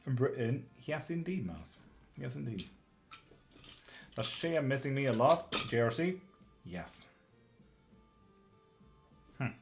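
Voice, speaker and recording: A man's voice: medium pitch, animated, slow pace, long pauses, faint music behind. A man from Sweden reading tarot on a live stream, answering viewers' questions in a loose, casual way, swearing now and then. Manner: swears casually, laughs often. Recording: clear background noise with keyboard clicks.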